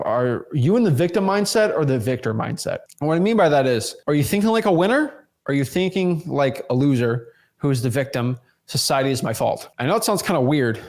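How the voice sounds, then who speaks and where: Emphatic man giving a motivational talk. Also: mid-range voice. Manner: emphatic, repeats words, addresses viewers as y'all. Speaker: real estate investing YouTuber.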